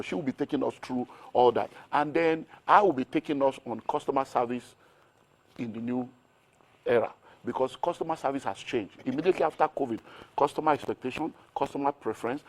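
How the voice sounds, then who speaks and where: Fast-talking Nigerian man. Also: medium pitch, slightly rough. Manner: energetic, piles up rhetorical questions. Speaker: business mentor as guest. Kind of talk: animated interview talk.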